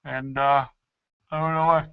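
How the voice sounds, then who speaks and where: Alone in his home studio room, a man hosts his own internet radio show, rambling, joking and cursing mildly while yawning and sounding sleepy. His fairly high voice is creaky yet smooth, flat in delivery and measured in pace. He uses a desk mic with headphones, and the dry recording has phone-quality sound.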